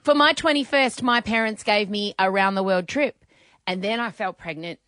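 A woman's voice: mid-range voice, moderate pace, fairly bright tone, dry recording. A woman hosting a breakfast radio show, chatting casually and sounding unwell. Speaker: radio host.

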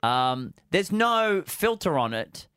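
A man's voice: fairly high pitch, big pitch swings, slow pace, a bit bright, clean tone, no echo, studio quality. A man hosting a radio show, bantering in a jokey way and slipping into funny voices. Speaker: radio host.

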